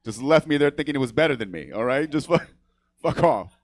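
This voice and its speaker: A man's voice: mid-range voice, expressive, brisk, dry recording. A man from New York who grew up speaking Spanish first, doing a brash, profane stand-up set on a comedy theater stage, laughing at his own jokes and asking "right?" after each line.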